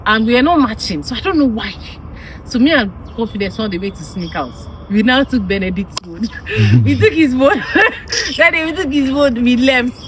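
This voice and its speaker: A woman's voice: on the high side, animated, normal speed, background noise. Giggly young woman, distant mic. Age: young adult. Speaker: platoon executive, interviewee. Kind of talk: casual storytelling.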